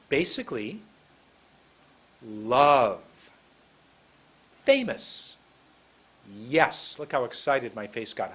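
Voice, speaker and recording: Guy teaching english pronunciation, husky voice, slow and careful, says words one at a time for you to repeat. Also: medium pitch, rough recording. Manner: slow, deliberate, drills single words aloud. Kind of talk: recorded lesson.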